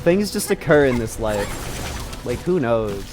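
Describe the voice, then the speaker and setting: A man streaming a game live, swearing and yelling in frustration, mocking himself and laughing often. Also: medium pitch, sing-song, slow pace. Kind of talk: live gameplay commentary.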